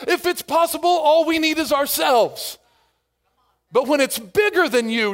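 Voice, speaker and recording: A male pastor preaching a sermon in an animated way, acting out inner voices as he goes. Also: very high-pitched.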